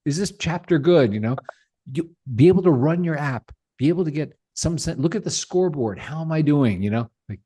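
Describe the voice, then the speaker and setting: A man's voice: a little high, expressive, a little fast, dark tone, breathy edge. A middle-aged man speaking as a podcast guest, talking passionately and emphatically with rhetorical questions. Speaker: podcast guest, tech founder. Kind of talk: animated interview talk.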